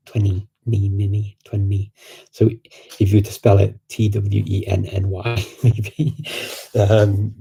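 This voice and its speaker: A Scouse-accented man from Liverpool, England, chats casually about learning languages during a livestream Q&A, rambling with lots of fillers and restarts. His voice sits on the low side, with vocal fry, a dark tone, and a breathy edge.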